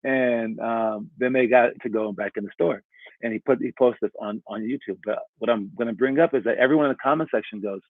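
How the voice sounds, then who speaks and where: A man's voice: mid-range voice, a little fast, no echo. A man giving a casual motivational talk as a coach, rambling and asking "all right?" again and again. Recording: tinny phone-like audio.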